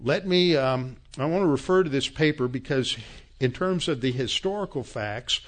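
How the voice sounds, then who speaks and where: A male pastor preaching from scripture at an ordinary pitch. He speaks emphatically and works up to angry scolding, then settles back into steady teaching. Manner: quotes scripture references. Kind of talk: sermon.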